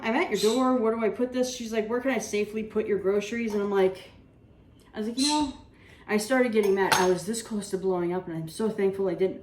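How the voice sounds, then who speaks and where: A woman's voice: medium pitch, a little mellow. Cooking-vlog host, woman, rambling storyteller who acts out the dialogue, mic at a distance, faint room hum behind. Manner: chatty, rambling anecdotes with reenacted dialogue. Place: home kitchen. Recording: roomy kitchen audio from off-mic.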